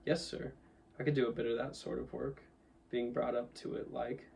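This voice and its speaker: A man's voice: mid-range voice, flat delivery, vocal fry, a little mellow, recorded from a distance, a little hiss or hum, lightly acted. A man doing a humble cabman. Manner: humble, deferential, slow country speech. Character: humble country-born male London cabman.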